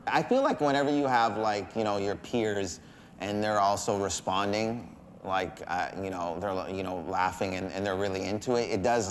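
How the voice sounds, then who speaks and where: A man with a deep, low voice reflects on his comedy in a sit-down interview. He speaks calmly and loosely, full of "like" and "you know." A faint hum sits behind him. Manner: relaxed, thoughtful, many fillers. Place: quiet interview setting.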